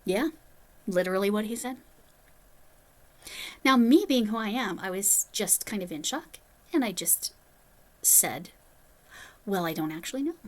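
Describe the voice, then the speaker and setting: A woman's voice: medium pitch, expressive, a little slow, long pauses. A woman vlogging about crochet, telling a story in a chatty way with rambling, self-deprecating asides. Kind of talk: casual storytelling.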